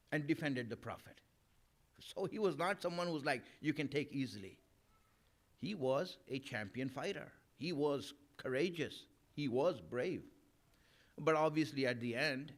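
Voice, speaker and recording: A man, a maulana, giving a sermon at a mourning gathering. He talks to the audience as friends and acts out imagined arguments. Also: medium pitch. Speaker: maulana giving a Muharram majlis talk. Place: Islamic center gathering.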